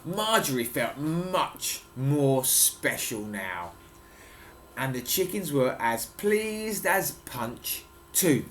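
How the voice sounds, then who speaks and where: A man's voice: medium pitch, big pitch swings, very slow, fairly bright tone, a little hiss or hum. A father reading a picture book aloud to his children at home, playfully explaining words and pointing at the pictures.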